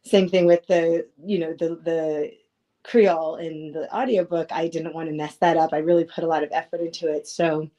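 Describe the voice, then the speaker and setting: A woman's voice: sits low, fairly even intonation, moderate pace, dark tone, muffled recording. A woman actress, a guest on a podcast, talking through her experience in a thoughtful, meandering way. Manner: thoughtful, rambling with fillers. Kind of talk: casual interview chat.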